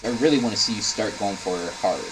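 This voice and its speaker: A man with a lowish voice talks fast over a noisy background while reviewing gameplay footage to coach a player. Blunt and instructive, he repeats his advice and swears now and then in frustration. He sounds tired and yawns.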